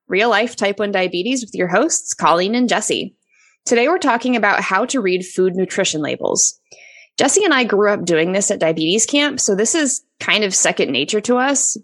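A woman's voice: mid-range voice, slightly rough. Upbeat woman podcast co-host. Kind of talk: podcast chat.

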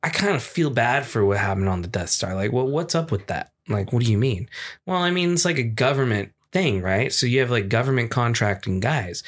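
A man's voice: mid-range voice, lively intonation, a little fast. Young man riffing profanely in a casual podcast chat. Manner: swears freely, riffs on hypotheticals. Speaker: podcast co-host.

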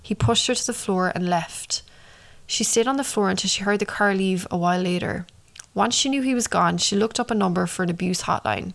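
A woman tells a true-crime story with a gravelly, creaky edge to her voice. Her pitch sits in the middle, and she reads at a measured pace, slowing down for the dramatic beats. Now and then she breaks off to comment on the story. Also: a bit bright. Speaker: narrator and commentator.

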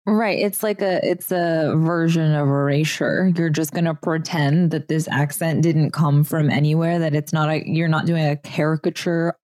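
A woman co-hosting a podcast, chatting casually, agreeing quickly and laughing often. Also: low-pitched, steady tone, darkish tone, no echo, studio quality. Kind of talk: casual chat.

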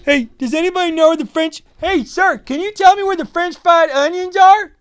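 Brief: a lost grocery-store shopper in her middle years, yelling and squeaky, put on by a man. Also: moderate pace, no room sound. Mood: flustered. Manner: shrill, calling out across a store. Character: loud lost middle-aged woman shopper.

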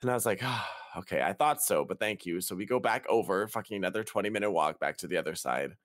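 A man's voice: low voice, quick pace, fairly bright tone, no room sound, clean studio sound. A young man hosting a podcast, telling a travel story in casual, profane, exasperated chat. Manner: profane, exasperated retelling with quoted dialogue. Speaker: podcast host.

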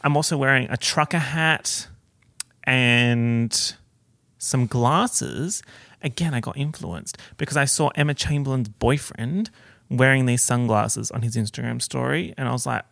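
A man's voice: medium pitch, a little slow, creaky, fairly bright tone, dry recording, clean studio sound. A man hosting a casual solo podcast, chatty and campy, full of slang and swearing, recorded on a portable recorder. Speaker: podcast host.

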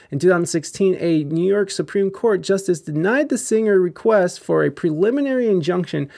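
A man's voice: a little high, creaky, darkish tone. A young man giving rambling, crude and profane casual commentary as a vlogger.

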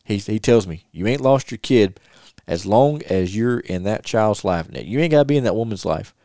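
A middle-aged podcast host from North Carolina speaks in a low, expressive, mellow voice at normal speed, recorded in a studio with no room sound. In a casual chat, he earnestly tells a personal story, repeating himself and quoting at length the advice he was given.

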